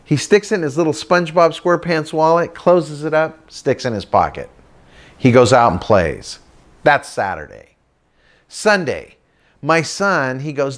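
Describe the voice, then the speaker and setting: A middle-aged man telling a funny family story to a live audience, animated and chatty, slipping into sing-song voices for the people in it. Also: mid-range voice, moderate pace. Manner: lively storyteller who breaks into sing-song voices for his characters. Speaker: comedic motivational speaker.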